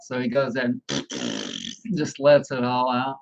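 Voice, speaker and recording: A man's voice: medium pitch, sing-song, unhurried, gravelly, highs cut off. A man hosting a casual livestream, rambling and chatting directly with his viewers. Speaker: livestream host.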